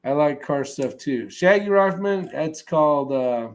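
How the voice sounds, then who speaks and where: A man's voice: fairly high pitch, unhurried. Laid-back man rambling on a livestream. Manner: relaxed, rambling, trailing off. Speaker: livestream host reading chat. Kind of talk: casual live chat.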